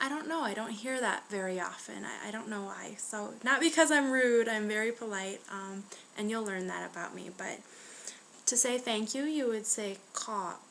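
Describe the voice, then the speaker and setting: Young american woman doing a casual home language lesson, mid-pitched, a bit of hiss behind her. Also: fairly bright tone. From United States. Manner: friendly, chatty, slows down to sound out words. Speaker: language teacher.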